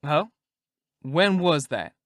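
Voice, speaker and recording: A man's voice: fairly high pitch, animated, takes it slowly, dry recording, studio quality. A man voicing a scheming male con man posing as a duke, drawling and chuckling in a storybook reading. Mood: pressing.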